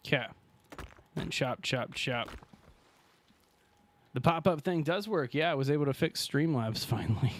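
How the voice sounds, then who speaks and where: A man's voice: on the high side, expressive, measured pace, pauses often, a little hiss or hum. A man streaming a survival game, chatting casually with viewers and thanking them while he plays. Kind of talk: casual live-stream commentary.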